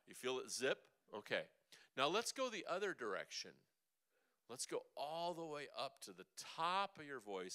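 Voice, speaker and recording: A man teaching a vocal seminar as a coach, lively and chatty, demonstrating sounds with his own voice. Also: fairly high pitch, moderate pace. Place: church hall.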